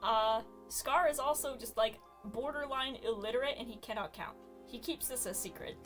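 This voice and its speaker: A woman streamer chatting casually as she spins stories, animated and quick to giggle. Her voice sits fairly high, with faint music playing behind. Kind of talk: casual chat about fan stories.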